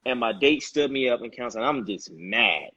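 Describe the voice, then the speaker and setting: A man, a guest on a casual live video chat, talking in an animated, reflective way. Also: mid-range voice, moderate pace, slightly rough, muffled recording. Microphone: video call.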